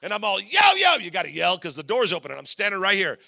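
Male pastor, 40s, gravelly and very bright; lively storyteller who acts out voices and breaks into shouts. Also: sits high, quick pace. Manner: animated storyteller acting out voices, sudden shouts. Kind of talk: storytelling sermon.

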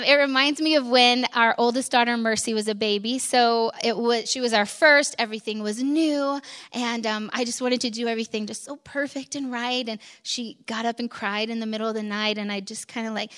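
Bright-voiced woman preaching a sermon. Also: fairly high pitch, smooth. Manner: conversational storytelling, acts out scenes. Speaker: pastor's wife preaching.

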